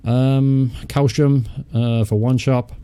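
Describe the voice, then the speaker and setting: Mellow-voiced man muttering through a game. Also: medium pitch, steady tone, slow pace, clear, resonant tone. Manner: chatty, thinks aloud, mutters and swears casually. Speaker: gaming channel host. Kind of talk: casual let's-play commentary.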